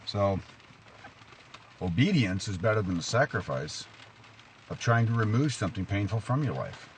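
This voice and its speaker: This preacher's informal devotional talk is delivered at a moderate pace outside in the rain, with a bit of hiss or hum. Questions and stories carry his message, and his voice lifts animatedly in pitch.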